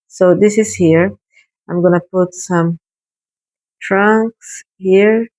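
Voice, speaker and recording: A woman hosting a casual painting tutorial, chatting gently and encouragingly as she paints. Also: medium pitch, fairly even intonation, takes it slowly, rough recording. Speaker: watercolor artist hosting a painting video.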